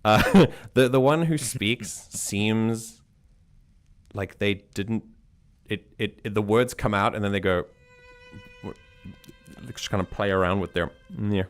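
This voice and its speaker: Brief: low-pitched male game master, loose and chatty, faint music underneath. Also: slow. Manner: rambling, frequent restarts, chuckling. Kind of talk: narrating a tabletop game.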